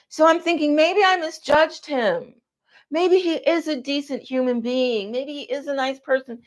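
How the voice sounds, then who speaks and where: A woman vlogging outdoors, telling a long personal story in a rambling, aggrieved, animated way. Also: sits high, normal speed. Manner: aggrieved and animated, acting out quotes.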